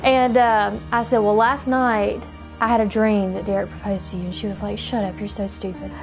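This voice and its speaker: A woman's voice: mid-range voice, fairly even intonation, normal speed, creaky. A woman being interviewed as a friend, chatting and laughing while she tells a story. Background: soft background music.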